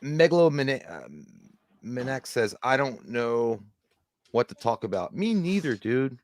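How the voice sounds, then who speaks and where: A man's voice: mid-range voice, sing-song, unhurried, dry recording, studio quality. A man co-hosting a livestream, rambling casually about movies, swearing and laughing often. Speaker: co-host.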